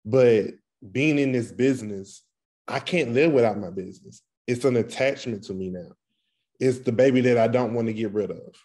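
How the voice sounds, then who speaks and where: A man co-hosting a podcast, speaking in an earnest, reflective, somewhat halting way. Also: mid-range voice, darkish tone. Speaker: podcast co-host. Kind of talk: casual podcast chat.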